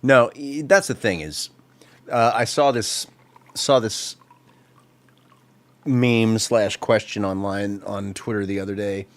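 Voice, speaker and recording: A man's voice: on the low side, steady tone, takes it slowly, pauses often. A man chatting casually and joking at himself while he plays a video game. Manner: chatty, jokey, self-mocking. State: playing a tipsy character. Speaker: gaming streamer. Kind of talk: casual gameplay commentary.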